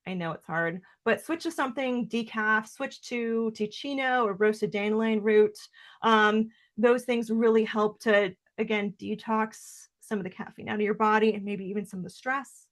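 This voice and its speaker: A woman's voice: medium pitch, steady tone, moderate pace. A woman hosting a solo herbal wellness podcast from her office, talking casually with lots of "like" and "um" fillers. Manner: chatty, frequent "like" and "um" fillers. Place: home office.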